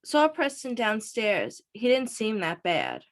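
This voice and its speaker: A woman's voice: a little high, wildly swooping pitch, slow pace, heavily acted. A woman reading as a suspicious teenage girl.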